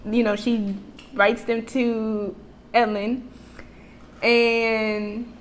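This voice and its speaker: A woman's voice: fairly high pitch, level tone, extremely slow, a little hiss or hum, rough recording. A young woman chatting casually on camera in a reading vlog, gushing and exclaiming, humming along often. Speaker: book vlogger. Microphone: camera mic.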